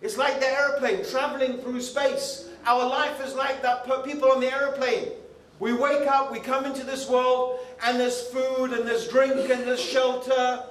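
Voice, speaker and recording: A male preacher from the United Kingdom speaks in an animated, conversational way, full of asides. His voice is high for a man. It echoes through a hall with faint ambient noise behind it. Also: a little slow. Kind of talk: lively youth sermon.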